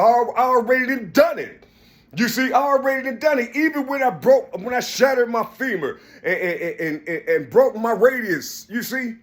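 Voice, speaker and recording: An adult man giving a rambling spiritual monologue, preachy and repetitive, often jumping between high and low voices. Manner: preachy, repeats "you see".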